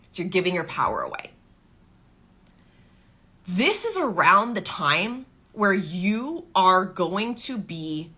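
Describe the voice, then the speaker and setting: Woman, money coach, motivational talk, emphatic, acts out doubting inner voices, bright tone, a little breathy. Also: mid-range voice.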